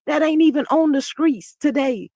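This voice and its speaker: A woman's voice: normal speed, dry recording. Sassy woman streamer, dry close mic. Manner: animated, sassy, swings between low mutters and loud outbursts. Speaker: reality TV commentary host. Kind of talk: live-stream chat reading viewer comments.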